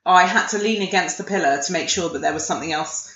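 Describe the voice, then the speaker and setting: A woman's voice: lowish voice, quick pace, fairly bright tone, a little hiss or hum. A woman chatting casually as a podcast co-host, laughing often and restarting her sentences. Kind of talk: casual chat. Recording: echoey room, slightly dull sound.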